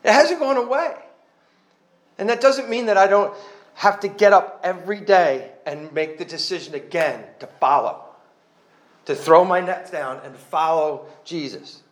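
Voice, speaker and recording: A man with a somewhat raised speaking pitch shares his personal testimony before a congregation. He talks earnestly and plainly, pokes fun at himself, and often restarts his sentences as he goes. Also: unhurried. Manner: earnest and conversational, with self-mocking humor; rambling, with restarts. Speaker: church member giving a testimony.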